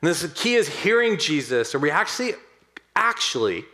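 Pastor, man, chatty sermon, drops soft then lifts up excited, talks right to the church. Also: a little high, fairly quick. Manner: conversational, animated, swings between hushed and excited; addresses the congregation directly.

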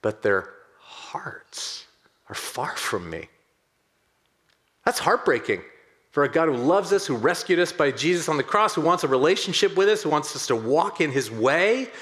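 A man preaching a sermon in a conversational, animated way, swinging between hushed and excited and addressing the congregation directly. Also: fairly high pitch, brisk. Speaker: pastor.

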